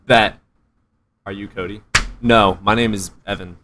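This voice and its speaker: A man hosting a casual livestream, reading chat aloud, excitable and quick to swear with loud outbursts. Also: fairly low pitch, background noise.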